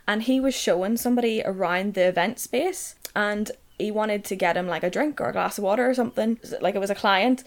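A young woman, co-hosting a casual chat and telling stories full of "like" and swearing. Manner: chatty storyteller, lots of "like", sweary, bursts into high laughter. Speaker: podcast co-host.

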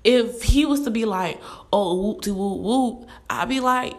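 A young woman, ranting bluntly and animatedly in a casual monologue to camera. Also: a little high. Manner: animated, blunt, fast-talking with quoted asides.

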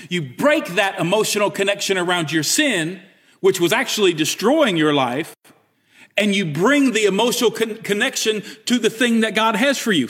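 Male pastor with a high voice, preaching with lively emphasis. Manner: animated, emphatic preaching with acted-out inner dialogue. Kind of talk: sermon.

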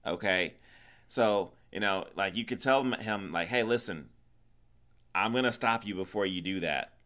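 Forceful, low-voiced man recapping a movie. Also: normal speed. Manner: teasing, emphatic storyteller. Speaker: podcast co-host. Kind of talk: casual movie recap chat.

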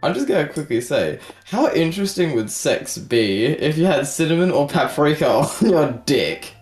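Lively deadpan man in an echoey room. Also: a little high, moderate pace, soft background music. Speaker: podcast co-host. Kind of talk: casual chat. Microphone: video call.

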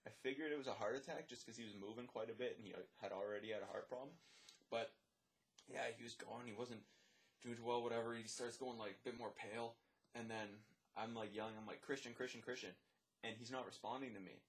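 Animated man telling a wild story. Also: mid-range voice, fast. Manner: animated, swears, many fillers; acts out dialogue, drops to a whisper. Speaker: lifeguard and swim instructor. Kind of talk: casual storytelling.

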